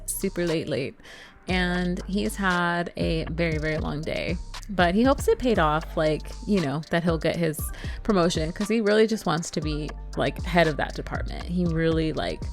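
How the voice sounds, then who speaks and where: A woman casually narrating a life-sim game story, chatty and quick to laugh. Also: fairly low pitch. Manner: chatty, laughs often, lots of fillers. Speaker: let's play narrator.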